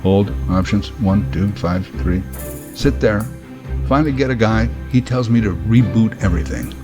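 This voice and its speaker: A man, hosting a podcast and delivering a wry, deadpan comic monologue. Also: lowish voice, moderate pace, music in the background. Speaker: podcast host. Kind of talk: comedic storytelling monologue.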